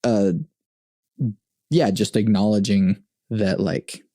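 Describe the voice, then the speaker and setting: A man with a soft, mellow voice hosts a casual podcast conversation. He thinks out loud, pausing and restarting, and breaks into laughter often. The sound is dry and close, with no room around it. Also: fairly low pitch, steady tone, dry recording. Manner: thoughtful, halting, laughs often. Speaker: podcast host.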